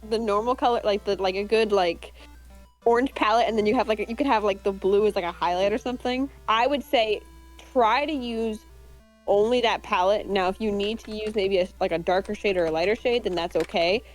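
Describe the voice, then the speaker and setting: A woman's voice: medium pitch, brisk, soft background music, low-quality recording. A young woman guest on a casual call, friendly and rambling, full of filler words. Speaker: guest artist. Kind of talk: casual chat on a group call.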